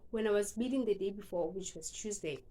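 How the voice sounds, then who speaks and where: A woman's voice: medium pitch, fairly quick, dark tone. A young woman from South Africa with a South African accent, telling a personal story in an earnest, emotional vlog style and slipping into casual asides. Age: young adult. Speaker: vlogger.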